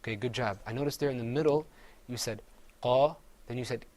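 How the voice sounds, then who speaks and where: Arabic letter sounds are taught here by a man whose mid-range voice is a little mellow and fairly quick. In this classroom drill he patiently pronounces each letter, has the group repeat it, and explains mouth positions one step at a time.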